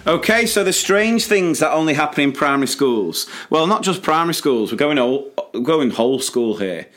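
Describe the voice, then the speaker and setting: A British man co-hosting a casual podcast about school life, chatting in a relaxed way with hesitant restarts. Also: a little high, moderate pace, soft background music. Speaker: podcast co-host, teacher. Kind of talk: casual chat.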